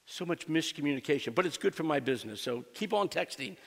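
A man's voice: fairly high pitch, animated, quick pace, vocal fry, fairly bright tone, in a large hall. A man preaching a sermon as a pastor, mixing a joking personal story with emphatic, repeated lines for his church. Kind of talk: sermon with humorous anecdote. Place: church sanctuary.

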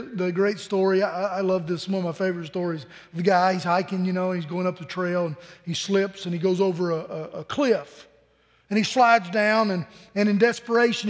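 High-voiced preacher in an echoing hall. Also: male voice. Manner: earnest, conversational preaching with frequent repeated words. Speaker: pastor. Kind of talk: sermon. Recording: long hall reverb.

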